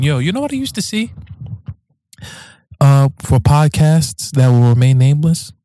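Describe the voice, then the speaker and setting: A man's voice: medium pitch, mellow, no echo. Laid-back slangy New man. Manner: loose and slangy, swears freely, breaks off into joking asides. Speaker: podcast host reading listener emails. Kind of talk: casual podcast talk, reading emails aloud.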